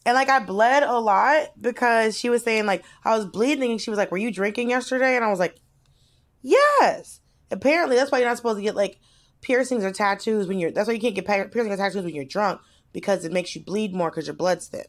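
A woman co-hosting a podcast in casual chat, telling stories in an animated, blunt and expressive way. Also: medium pitch, fast talker. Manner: animated storyteller, blunt and expressive, swings between loud and soft. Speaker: podcast co-host.

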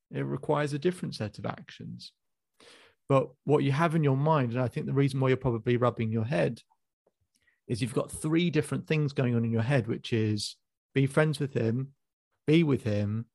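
Male life coach, gravelly, calm probing delivery, dry close sound. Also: mid-range voice, moderate pace, dry recording. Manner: calm, probing questions, hesitant restarts. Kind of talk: coaching session. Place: video call.

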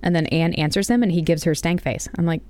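A woman's voice: fairly low pitch, fairly even intonation, quick pace, mellow. A woman co-hosting a podcast, recapping a TV episode in a casual chat with wry, teasing quips. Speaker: podcast co-host.

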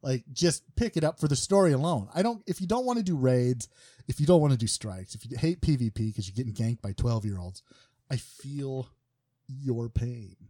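A man's voice: medium pitch, expressive, moderate pace, dark tone, no room sound, studio quality. A man hosting a casual podcast, rambling and joking with many fillers and restarts. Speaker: podcast host.

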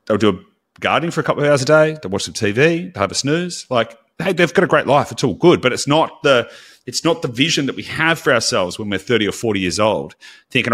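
A man's voice: medium pitch, animated, fast, a bit bright. Man, podcast co-host, casual chat, blunt, candid, swears now and then.

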